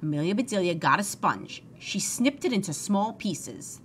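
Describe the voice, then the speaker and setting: A woman reading a children's book aloud in an expressive, sing-song way. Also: fairly low pitch, moderate pace, hardly any pauses, slight background noise. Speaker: storybook reader.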